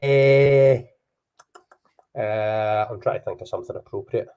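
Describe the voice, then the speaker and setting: A Scottish man hosting a football podcast in casual chat, quick asides, stumbling now and then over his words. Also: on the low side, dark tone, clean tone. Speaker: podcast host.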